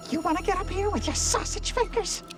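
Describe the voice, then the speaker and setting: An actress playing a snarky, mocking young adventurer in an animated series, sarcastic in tone. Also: female voice, very high voice, brisk, over loud music.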